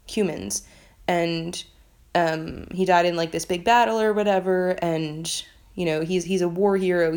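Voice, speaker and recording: Rambling young woman, lowish voice. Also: gravelly, darkish tone. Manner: rambling, filler-heavy, swears freely. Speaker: book vlogger. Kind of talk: casual book review chat.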